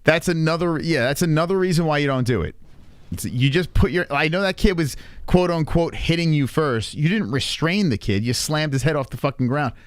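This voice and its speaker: A man's voice: fairly high pitch, fairly quick, no echo. A man hosting a casual reaction stream, laughing a lot and swearing as he comments on a clip. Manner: laughing, crude, animated commentary. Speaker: streamer host.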